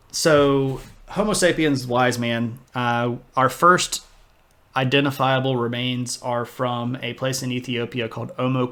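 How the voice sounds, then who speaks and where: A man's voice: medium pitch, a bit bright. Chatty man giving a casual history lecture. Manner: conversational, digressive, self-deprecating asides.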